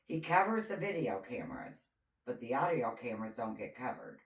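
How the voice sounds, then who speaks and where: A woman's voice: extremely low pitch, a little fast. A woman co-hosting a podcast, telling a true crime story in casual chat and acting out the quotes as she goes. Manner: animated storyteller, acts out quotes. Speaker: podcast co-host. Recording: roomy echo, distant mic.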